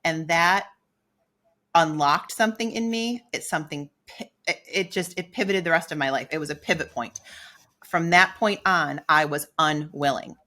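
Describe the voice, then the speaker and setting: A middle-aged woman telling a personal story on a podcast. Her voice sits low and has a bright, forceful edge. She speaks candidly and acts out her own thoughts as she goes. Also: moderate pace. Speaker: podcast co-host.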